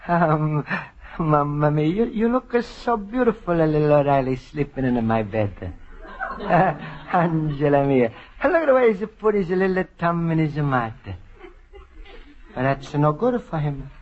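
A man's voice: fairly high pitch, animated, measured pace. An actor playing a kindly, flustered Italian immigrant man with a heavy accent and broken English in a 1950s radio sitcom. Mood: doting, flustered. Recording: 1950s radio broadcast, dull, hissy, studio audience laughter.

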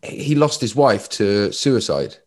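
A man, telling lively stories as a podcast guest. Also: fairly low pitch, slow pace. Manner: animated storyteller, lots of fillers. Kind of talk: casual chat.

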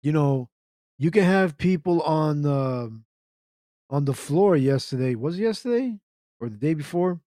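A man hosting an internet radio show speaks in a fairly high, mellow, expressive voice, unhurried, with a dry studio-quality sound. His live commentary is a casual rant as he reacts to chat, repeating himself and throwing out rhetorical questions.

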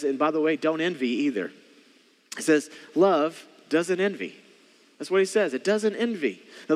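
A man preaching a sermon in a church, talking conversationally to the congregation, repeating key phrases and slowing down to stress them. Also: high-pitched, a bit bright, in a large hall. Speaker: pastor.

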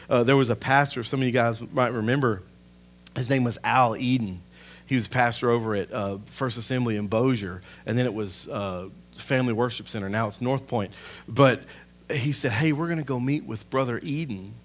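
A man, a pastor preaching a sermon. He swells to loud, impassioned peaks and then drops to a hushed, personal aside. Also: medium pitch, slight background noise.

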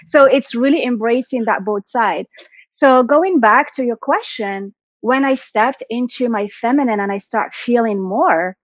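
A woman speaking in an earnest, flowing way as a coach on a casual interview, leaning on "like" and "right?" as she goes. Her voice sits a little high. The audio is dull and lo-fi, with a dry sound. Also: measured pace, no echo. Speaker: guest, coach for women and executives.

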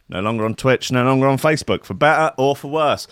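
A man hosts a comedic morning show, delivering a rambling, casual monologue full of playful swearing and mock-cockney bits. His mid-range voice is fairly bright and fast, with hardly any pauses, over soft background music.

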